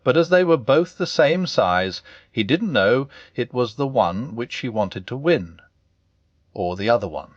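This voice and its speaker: A man narrating a classic children's story as a calm bedtime reading. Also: mid-range voice, unhurried, no echo, muffled recording. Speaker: audiobook narrator.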